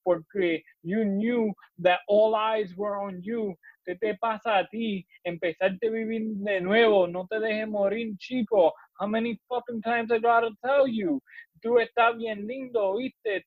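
A man who teaches reads a poem aloud in a blunt, forceful, profane manner, with a dull lo-fi sound. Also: sits high, fairly even intonation, unhurried, no room sound. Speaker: teacher and poetry reader.

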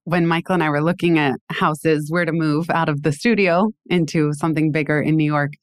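A woman hosts a conversational interview with a lowish voice. She tells stories in an animated way and leans on emphatic repeats. The sound is dry and close. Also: a little fast, smooth, no echo. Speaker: podcast host.

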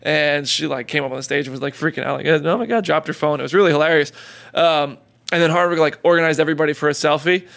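Gravelly-voiced man telling a story. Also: on the high side, fast talker. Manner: animated storyteller, acts out quotes. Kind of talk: casual chat.

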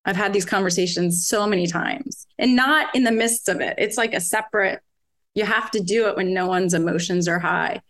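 Woman, 40s, podcast guest; candid, lively, laughs easily, mid-pitched voice. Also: normal speed. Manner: candid, animated, laughs often, quotes herself and her kids. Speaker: guest, parent of several children. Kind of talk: conversational podcast interview.

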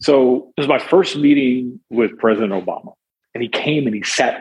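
A man speaking on a panel as an animated storyteller who weighs in on the question. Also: mid-range voice, normal speed, poor audio. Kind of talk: panel discussion.

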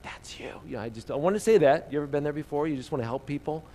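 A man preaching a sermon in a relaxed, conversational storytelling way, often asking his listeners questions. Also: a little high, very fast.

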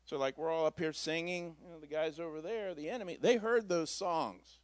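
A man with a slightly high voice speaks fairly quickly as he preaches a Christmas Eve sermon. This pastor tells his story in church with a folksy, conversational manner and plenty of asides. The recording has no echo.

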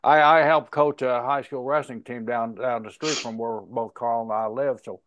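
A man's voice: mid-range voice, normal speed, no echo. A male podcast host telling stories in a casual chat, laughing often as he acts out old conversations. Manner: laughing, animated retelling of conversations.

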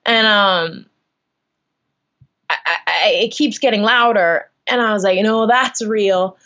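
Young woman, casual storytelling, animated, lots of fillers, dull lo-fi sound. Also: mid-range voice, a little slow. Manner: animated, lots of likes and ums. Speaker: guest.

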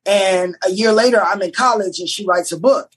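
A young man, a writer, chatting casually on a podcast and telling an animated story full of restarts. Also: sits high, normal speed, husky, low-quality recording. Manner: animated storyteller, many restarts, does voices in quotes. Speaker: writer and showrunner guest.

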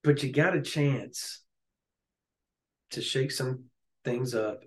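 A man co-hosting a casual sports chat, jokey and excitable, often laughing. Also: medium pitch, slow pace. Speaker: sports podcast co-host.

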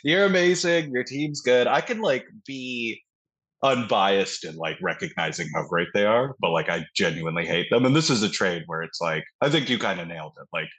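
A husky, low-voiced young man from Canada fires off a profane, animated rant in a casual sports chat. He keeps breaking into mocking put-on quotes. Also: moderate pace. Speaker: podcast co-host.

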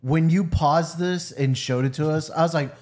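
A man's voice: fairly high pitch, moderate pace, darkish tone. A man in a casual film chat, reacting earnestly and emotionally.

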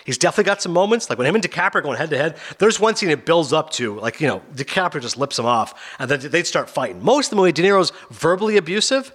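Fast-talking man chatting about films. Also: fairly high pitch, husky. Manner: fast, rambling, animated with impressions. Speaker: radio host. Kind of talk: casual film talk.

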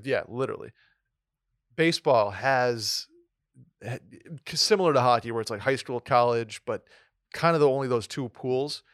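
A man's voice: medium pitch, moderate pace, a bit bright, no room sound. Rambling man on a dry mic. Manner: rambling, restarts, swears, jokey. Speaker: podcast co-host. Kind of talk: casual sports podcast chat.

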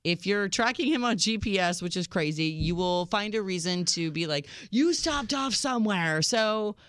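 A woman co-hosting a late-night relationship advice radio show. She talks in a direct, animated way, and her voice sounds smooth and resonant. The studio sound is close and dry. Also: lowish voice, normal speed, no echo.

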